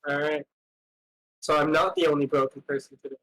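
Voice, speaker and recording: An easygoing man runs a tabletop game as game master, calling out distances and rolls in a casual, joking way. His voice sits a little higher than most men's. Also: steady tone, brisk, fairly bright tone.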